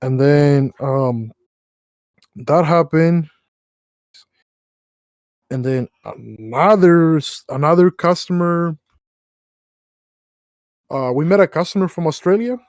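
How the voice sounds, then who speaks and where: A man's voice: fairly high pitch, takes it slowly, long pauses, darkish tone, no room sound. A young man co-hosting a podcast, telling rambling work stories with lots of slang and fillers. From Mexican background. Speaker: podcast co-host. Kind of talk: casual storytelling chat.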